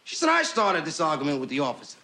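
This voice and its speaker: Lively high-voiced man telling a comedy story. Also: fast. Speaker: stand-up comedian. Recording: noisy old television recording.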